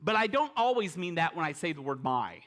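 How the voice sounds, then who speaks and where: A man's voice: on the high side, very animated, brisk, fairly bright tone. A middle-aged male pastor preaching a sermon in a conversational way, asking the congregation rhetorical questions and dropping light humorous asides. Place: church service with congregation.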